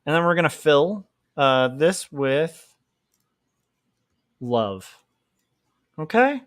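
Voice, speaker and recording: A man's voice: fairly high pitch, animated, drawn-out words, no room sound, studio quality. A man hosting a casual livestream while drawing, rambling and joking at his own expense. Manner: joking, rambling, self-mocking. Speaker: livestream host, comic artist.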